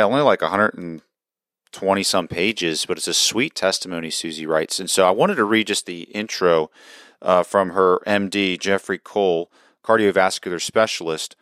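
A man hosting a faith talk show, speaking in a calm, measured way. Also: sits low, no echo, studio quality. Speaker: host. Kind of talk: casual talk with read-aloud passage.

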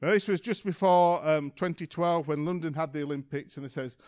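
A man's voice: fairly high pitch, a little fast, darkish tone. Man telling a chatty church story. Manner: chatty storytelling, many ums and kind-ofs. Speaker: church speaker. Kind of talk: informal church talk.

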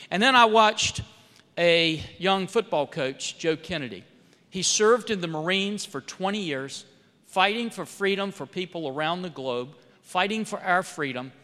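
A man, a congressman, telling stories in a speech at a church, swinging between loud and soft emphasis and acting out quoted dialogue. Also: high voice. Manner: storytelling with rising and falling emphasis, quoting others in dialogue. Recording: long hall reverb.

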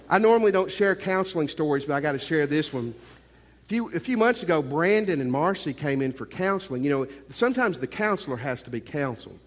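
Male pastor, sermon, emphatic with playful jokes; slightly high voice, long hall reverb. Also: expressive, fairly quick. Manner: joking, emphatic preacher with playful asides.

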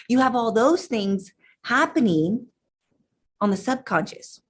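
A woman hypnotherapist in casual talk to her viewers, chatty and emphatic, pausing now and then to gather her thoughts. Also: fairly high pitch, slightly rough. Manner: chatty and emphatic, addresses listeners directly. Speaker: channeling hypnotherapist.

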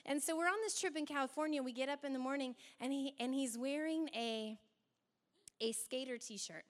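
A young adult woman preaching a sermon in an animated way, acting out quoted voices as she goes. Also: high-pitched, normal speed.

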